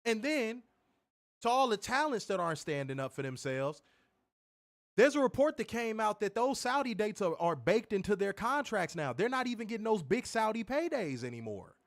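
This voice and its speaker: A man's voice: high voice, sing-song, normal speed. A man co-hosting a wrestling podcast, ranting heatedly with plenty of profanity in a casual, fired-up way.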